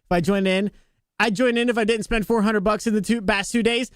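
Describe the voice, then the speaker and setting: A man streaming a game live, talking to his chat in an excitable, flustered, joking way. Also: sits high, a little fast, no room sound, clean studio sound.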